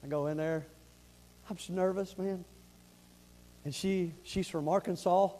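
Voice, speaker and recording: High-voiced Southern preacher man. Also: steady tone, a little slow. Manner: emphatic, swings between loud urgent appeals and quiet earnest asides. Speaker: pastor. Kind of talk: preaching a sermon.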